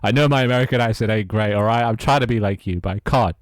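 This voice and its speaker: A British man streams live while coding, muttering and swearing at his code between casual exchanges with viewers. He talks fast in a lowish voice, and the studio-quality audio has no echo.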